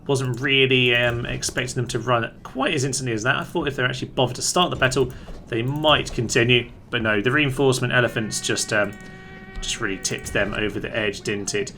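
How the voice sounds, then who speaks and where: A man's voice: medium pitch, fairly even intonation, fairly quick, sharp tone, faint music behind. Chatty man narrating a strategy game. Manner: chatty, upbeat, talks to his units. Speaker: gaming channel host.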